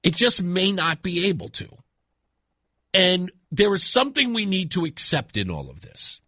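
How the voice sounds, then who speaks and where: A man's voice: high-pitched, sing-song, moderate pace, bright, forceful tone, no echo, clean studio sound. A man hosting a radio talk show, delivering an emphatic monologue and repeating words for effect.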